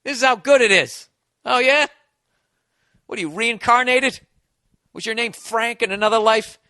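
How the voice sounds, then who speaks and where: A podcast host with a sharp, high-pitched voice delivers a comic monologue at a moderate pace, full of sarcastic jabs, profanity and grumbling. His audio is dry and close-miked, with no sense of the room.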